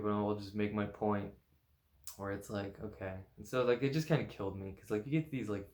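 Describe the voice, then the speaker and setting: A man's voice: lowish voice, steady tone, fairly quick, darkish tone, reverberant. A man talking casually in a weekly vlog recap, rambling with lots of fillers and laughing at his own jokes. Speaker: vlogger.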